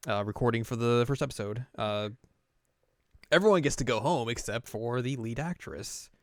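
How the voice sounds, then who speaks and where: A man's voice: medium pitch, normal speed, no room sound, clean studio sound. A man hosting a casual anime recap, rambling with lots of fillers and acting out the characters. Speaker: host.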